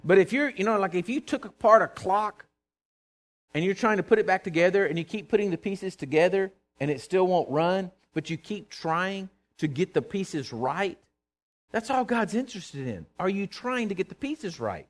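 A man's voice: sits high, animated, normal speed. A middle-aged man preaching a fervent sermon, calling on the congregation to answer him. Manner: fervent, calls for responses from congregation. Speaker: pastor.

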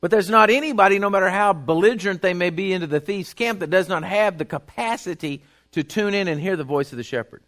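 A man's voice: high voice, fast talker, few pauses, a bit bright. A man preaching a sermon in an emphatic, folksy way, repeating his points and reading Bible verses aloud.

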